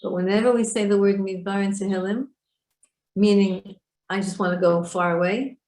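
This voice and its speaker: A woman leads an online Torah class, unpacking Hebrew words and putting questions to her students. Her voice sits at a middle pitch. The recording rings with room echo. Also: fairly even intonation, normal speed, darkish tone. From Israel. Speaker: Torah teacher. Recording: echoey room.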